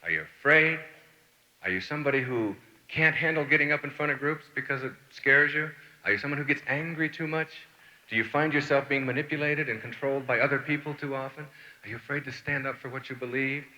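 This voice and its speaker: A man's voice: mid-range voice, a little fast. A middle-aged man giving a motivational lecture, telling anecdotes and acting out the people he quotes. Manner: animated storyteller, acts out quoted people. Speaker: motivational speaker.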